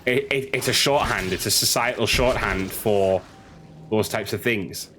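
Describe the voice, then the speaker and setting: A low-voiced man gives rambling, opinionated commentary while he streams a game. He often stops and restarts mid-sentence, with a faint noise running underneath. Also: a little slow, a bit bright. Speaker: gaming streamer. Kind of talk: casual commentary over gameplay.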